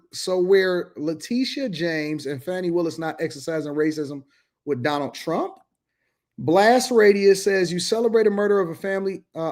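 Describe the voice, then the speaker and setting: A man hosting a livestream, reading viewer comments aloud with quick casual asides. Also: high-pitched. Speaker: livestream host reading chat.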